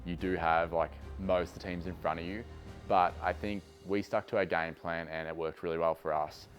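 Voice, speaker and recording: A man's voice: deep voice, fairly even intonation, moderate pace, soft background music. An easygoing runner who chuckles as he talks in a casual interview. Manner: easygoing, chuckles while talking.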